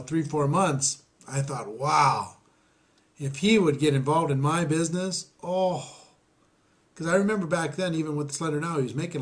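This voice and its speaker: Rambling man telling a story. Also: mid-range voice. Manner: rambling, self-deprecating, many fillers and restarts; clears his throat often. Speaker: network marketing trainer. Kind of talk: storytelling lesson.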